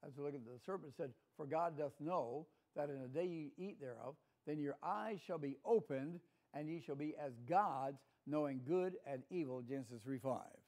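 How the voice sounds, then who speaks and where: An older man with a Southern American accent leads a Sunday school Bible lesson in a church classroom. His voice sits a little high and sounds mellow and dark, and he talks in a folksy, chatty way, often asking the room for an amen. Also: moderate pace.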